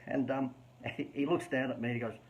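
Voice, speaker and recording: A man's voice: mid-range voice, level tone, normal speed, muffled recording, a little hiss or hum. Man, Australian accent, marketing coach, live-stream chat, joking, self-mocking. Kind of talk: casual live-stream sales talk.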